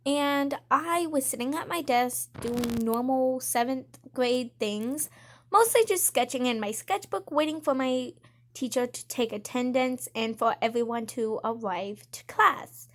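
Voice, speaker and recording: A woman's voice: high voice, a little slow, a bit bright. A woman telling casual storytimes about school over gameplay, chatty and framing each quote with "I'm just like.". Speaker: storytime vlogger.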